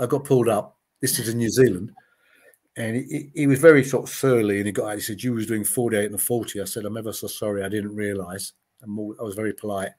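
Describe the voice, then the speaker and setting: Speaking in a fairly low, darkish voice with a breathy edge, a former TV gladiator in his late sixties shares anecdotes in an easygoing interview. He acts out the voices of those he quotes and leans on "you know" frequently.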